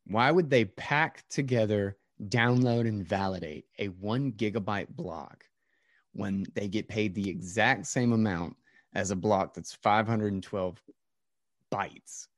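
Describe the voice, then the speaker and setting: A man's voice: fairly low pitch, slow pace, no echo, studio quality. A man hosting a casual podcast chat, rambling with many fillers and restarts.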